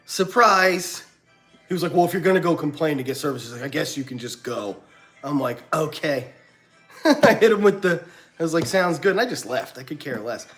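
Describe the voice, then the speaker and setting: Animated man ranting on a livestream. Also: fast talker, faint music behind. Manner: animated, acts out quotes with big pitch jumps and laughs. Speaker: livestream host. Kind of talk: casual storytelling rant.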